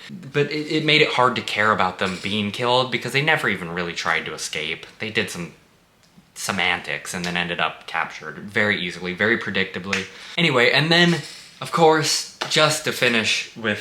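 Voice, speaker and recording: A man's voice: lowish voice, pushed and bright. A man giving a casual spoken movie review, blunt and sarcastic, swearing freely. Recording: echoey room.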